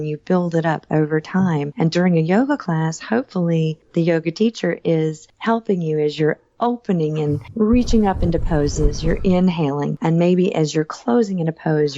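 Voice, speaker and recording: A middle-aged woman yoga instructor answering podcast questions, explaining breathing slowly and calmly, step by step. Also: lowish voice, dry recording, highs cut off.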